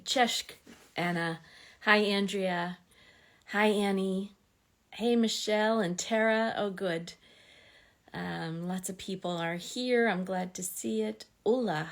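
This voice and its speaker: A woman hosting a fan club livestream in a casual, chatty way, full of ums and small laughs. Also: mid-range voice. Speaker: fan club administrator and host.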